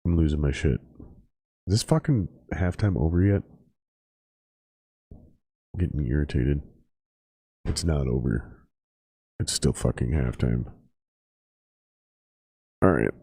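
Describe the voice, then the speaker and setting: A man's voice: rumbling low, takes it slowly, pauses often, warm tone, husky, dry recording. A man hosting a casual show, swearing and grumbling to himself in exasperation as he drinks. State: drinking while talking. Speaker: podcast host. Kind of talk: casual profane rant and phone chat.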